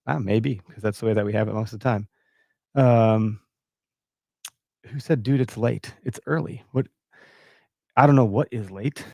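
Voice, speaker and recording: A man's voice: mid-range voice, a little mellow, no echo, studio quality. A man from Wisconsin hosting a casual live stream from his home computer, a little out of breath with a stuffy nose, rambling through comments with lots of fillers. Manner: rambling, reads comments aloud, many fillers. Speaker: host of a hunting podcast. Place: home, early morning. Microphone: computer mic at home.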